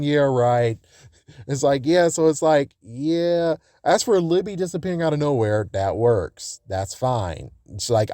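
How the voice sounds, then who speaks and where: A man hosting a casual fan vlog. He rambles, corrects himself and swears freely, and his voice jumps high and loud when he rants. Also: lively intonation, normal speed, no echo, clean studio sound. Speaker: fan channel host.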